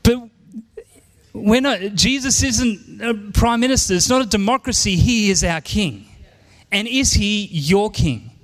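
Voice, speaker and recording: A man's voice: sits high, expressive, unhurried, big-room sound. An Australian man in his forties preaching a sermon in church, earnest and emphatic, repeating his key lines. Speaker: pastor.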